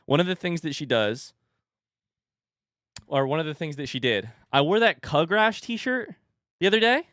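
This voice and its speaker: A man streaming from home, chatting casually and telling an animated story between laughs. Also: a little high, normal speed, long pauses, no echo, studio quality. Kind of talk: casual chat. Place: home room with a standing desk.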